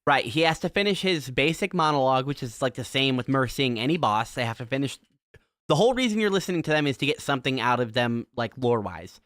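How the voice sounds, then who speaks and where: Laid-back man with a smooth voice. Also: medium pitch, animated, quick pace, a bit bright, no room sound, studio quality. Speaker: co-host explaining a video game. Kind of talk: casual podcast chat.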